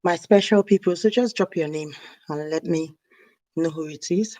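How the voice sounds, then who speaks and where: A woman's voice: sits low, moderate pace, mellow, no room sound, poor audio. Chatty woman, dry close sound. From Nigeria (South South). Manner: rambling, chatty, talks while eating. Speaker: hair care vlogger. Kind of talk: casual live-stream chat. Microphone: camera mic on a live stream.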